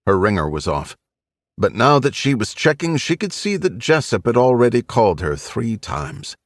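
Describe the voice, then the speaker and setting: A man narrating a thriller audiobook in a brisk storytelling manner on a close mic. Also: medium pitch, very animated, no echo. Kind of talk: scripted narration.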